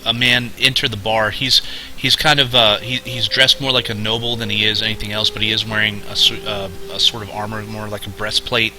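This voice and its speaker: A man narrating a tabletop game as game master, halting with fillers and restarts. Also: fairly low pitch, flat delivery, bright, forceful tone, faint music behind, low-quality recording.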